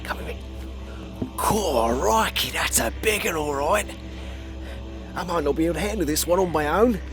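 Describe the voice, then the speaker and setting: A brash, exclamatory Australian adventurer played by a man in a put-on accent swings his voice up and down with wild energy. Loud music plays under him the whole time. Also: on the high side, lively intonation, moderate pace. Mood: tense. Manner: over-the-top, exclamatory. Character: brash male Australian adventurer robot builder.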